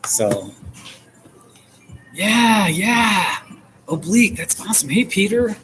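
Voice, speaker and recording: This forties-aged American streamer talks at a slow pace in a high voice, laughing often and rising in pitch when excited as he responds to viewer comments in a relaxed live chat. The recording is rough, with slight background noise.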